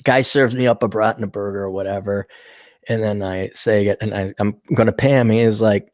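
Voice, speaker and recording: A male podcast host in casual chat, an animated storyteller who acts out the people he quotes. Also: fairly low pitch, brisk, dry recording, clean studio sound.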